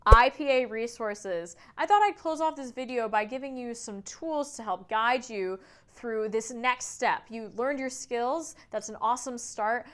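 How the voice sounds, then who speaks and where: Woman vocal coach, video lesson; upbeat, demonstrates sounds, smooth clear tone. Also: on the high side, measured pace, few pauses, fairly bright tone. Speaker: singing teacher.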